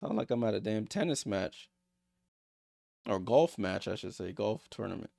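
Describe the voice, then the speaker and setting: A man streaming a basketball watchalong, calling plays in casual, excitable, joking commentary. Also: on the low side, normal speed, creaky, no room sound, studio quality. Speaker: streamer hosting a game watchalong. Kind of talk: casual live play-by-play commentary.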